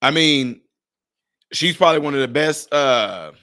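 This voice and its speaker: A man's voice: fairly high pitch, lively intonation, measured pace, bright, forceful tone. A man giving emphatic, conversational commentary in a vlog, speaking directly to his viewers.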